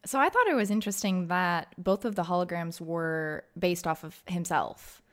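Female co-host, lower voice, thoughtful musing casual chat. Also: animated, moderate pace. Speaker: guest co-host. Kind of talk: casual episode review chat.

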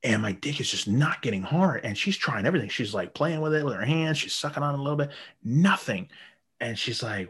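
A man telling a crude story in a casual podcast chat, swearing heavily and laughing while acting out quotes in an animated way. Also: mid-range voice, brisk, slightly rough.

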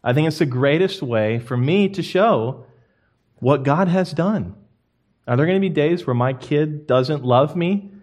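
A young man preaching a sermon, emphatic and lively, swinging from quiet to loud. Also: on the high side, unhurried. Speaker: pastor.

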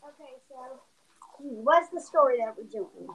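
High-voiced woman chatting on a podcast. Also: lively intonation, a bit bright, slight background noise, rough recording. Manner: halting, full of fillers and giggles, chatty asides. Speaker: podcast co-host. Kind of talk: casual podcast chat and story reading.

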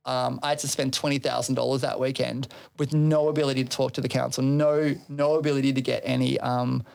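A man's voice: medium pitch, level tone, fairly quick, vocal fry, a little mellow, clear, resonant tone. A man who organizes a festival, telling a long story in casual chat, swearing freely and laughing between phrases.

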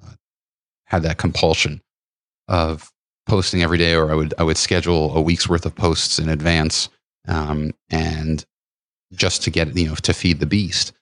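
Very deep-voiced male podcast host. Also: little pitch movement, normal speed, a bit bright, no echo, studio quality. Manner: rambling, many restarts and fillers. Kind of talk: casual interview chat.

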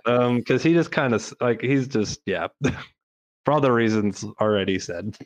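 A man on a casual podcast, giving his picks in a relaxed way that often trails off. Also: mid-range voice, a little slow. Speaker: podcast co-host.

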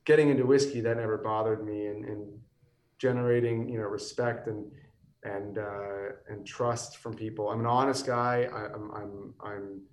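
A man's voice: on the low side, steady tone, moderate pace, far from the mic. A tired man in his thirties chats on a podcast, rambling and restarting his sentences as his voice wears thin. He sits a bit back from the mic in a roomy space that gives his voice an echo. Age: 30s. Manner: chatty, rambling with many restarts and fillers. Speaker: whiskey company guest. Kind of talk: casual podcast conversation.

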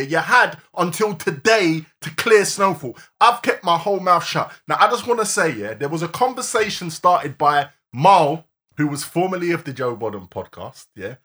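A young man, co-hosting a casual podcast chat, talking in loud, slang-heavy bursts. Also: high-pitched. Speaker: podcast co-host.

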